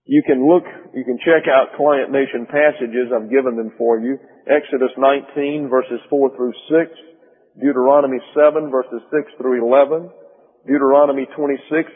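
A husky-voiced male pastor delivers an emphatic sermon and slows down to press on key words. The sound is thin and phone-like. A long hall reverb trails after every phrase. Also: mid-range voice.

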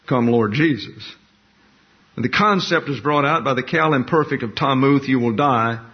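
A man teaching a Bible lesson in a slow, deliberate, explanatory way, repeating key words for emphasis. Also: mid-range voice, slightly rough. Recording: dull lo-fi recording.

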